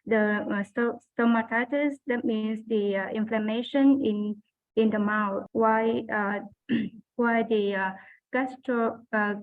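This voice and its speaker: A woman student working through medical terms, halting often to find the word. Her voice is slightly high, and it reaches us thin and tinny, as over a phone line. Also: fairly even intonation. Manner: hesitant, many pauses and fillers.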